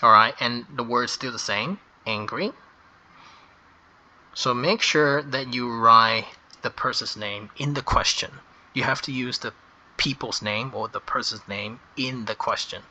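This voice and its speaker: A man teaching English grammar, explaining slowly and carefully and stressing key words. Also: mid-range voice, pushed and bright. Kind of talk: slow explanatory lesson.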